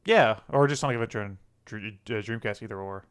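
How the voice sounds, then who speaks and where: A man's voice: fairly low pitch, fairly quick, clean tone. A young man co-hosting a casual gaming podcast, joking and laughing as he rambles. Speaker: podcast co-host.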